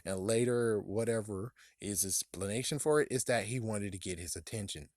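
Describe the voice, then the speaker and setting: A man's voice: fairly low pitch, moderate pace, darkish tone, dry recording, clean studio sound. A man giving a casual, rambling spoken book review, swearing freely and laughing at his own jokes. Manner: rambling, profane, laughs often.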